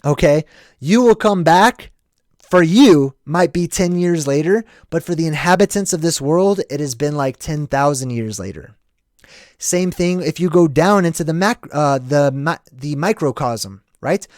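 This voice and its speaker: A man's voice: on the high side, expressive, unhurried, darkish tone, no echo, clean studio sound. An American man hosting a casual livestream, rambling and reflective, often checking in with "right?". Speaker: livestream host.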